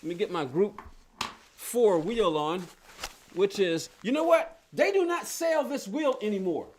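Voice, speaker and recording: High-voiced man rambling through a game stream. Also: animated, unhurried, darkish tone, slight background noise. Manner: rambling, talks to viewers, thinks aloud. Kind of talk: casual live-stream chat while playing.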